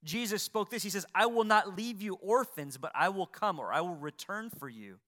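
Bright high-voiced preaching man. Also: animated, moderate pace. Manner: preaching with rising emphasis and rhetorical questions. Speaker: pastor. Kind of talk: sermon.

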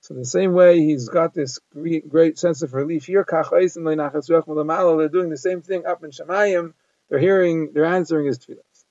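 A man's voice: fairly high pitch, steady tone, a little fast, a little mellow, no room sound. A man giving a daily Talmud lesson, translating phrase by phrase in an explanatory manner. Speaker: Talmud teacher. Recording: dull lo-fi dry recording.

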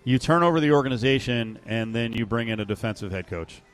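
A man's voice: mid-range voice, fast, clean tone, soft background music. A man co-hosting a sports talk radio show, rambling and joking between opinions. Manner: animated, rambling, joking asides. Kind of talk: casual sports radio banter.

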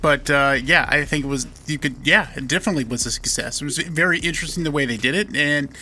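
A male radio morning show co-host giving short, halting replies and quips in casual banter. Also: on the high side, pushed and bright, a little hiss or hum, rough recording. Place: radio studio.

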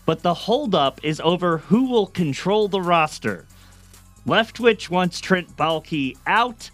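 A man's voice: high-pitched, a bit bright. A man on a sports radio show reading out news updates in an easygoing way.

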